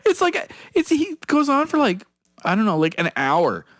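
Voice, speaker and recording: A man's voice: high-pitched, wildly swooping pitch, moderate pace, a bit bright, dry recording, studio quality. A man co-hosting a podcast in casual chat, telling a rambling story and laughing often mid-sentence. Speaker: podcast co-host.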